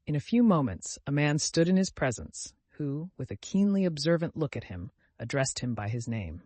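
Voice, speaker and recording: A man narrating an audiobook in a measured, even delivery. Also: on the high side, no echo.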